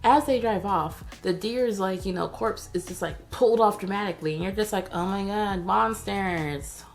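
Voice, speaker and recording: A woman's voice: medium pitch, brisk, faint music behind. A woman giving a casual, sarcastic recap of a TV episode, chatty and full of slang. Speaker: TV recap vlogger.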